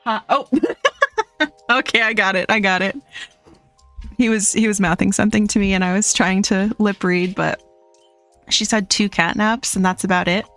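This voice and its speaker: A woman's voice: mid-range voice, steady tone, normal speed, pauses often, a bit bright, dry recording, faint music behind. A young adult woman streaming from home, chatting casually, reading chat aloud and laughing often.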